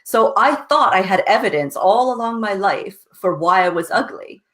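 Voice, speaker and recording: A woman's voice: mid-range voice, expressive, normal speed, a bit bright. A woman guest on a podcast, earnestly telling her story in a casual way and often asking "right?" with a light laugh. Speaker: guest, success coach.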